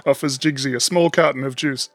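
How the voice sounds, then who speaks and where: A man playing a tabletop role-playing game, relaxed and often laughing as he describes what his character does. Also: mid-range voice, brisk, no room sound, soft background music. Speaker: player. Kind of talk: tabletop game play, casual banter.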